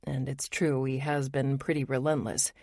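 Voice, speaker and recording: A woman's voice: rumbling low, level tone, normal speed, darkish tone, dry recording, studio quality. A woman narrating a romance audiobook in the first person, wry and intimate.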